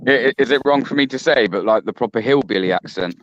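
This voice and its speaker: A man's voice: medium pitch, fast, a bit bright, muffled recording, a little hiss or hum. A man making cheeky asides in a casual livestream chat.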